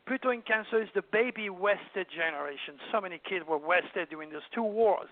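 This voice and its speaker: An older Frenchman with a French accent appears as an astrologer guest on a radio call-in show, lecturing emphatically and rambling with plenty of fillers. His voice is high-pitched and brisk. The audio is a dry, tinny phone line.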